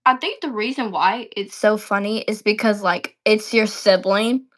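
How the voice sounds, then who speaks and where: A woman joining a livestream in casual chat, easygoing and slangy, quick to laugh. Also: mid-range voice, fairly bright tone.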